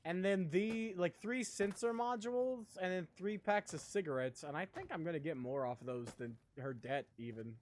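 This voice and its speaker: A man's voice: high voice, normal speed, hardly any pauses, a little hiss or hum. A man streaming a video game, chatting casually as he plays, rambling and laughing often. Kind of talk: casual gameplay chat.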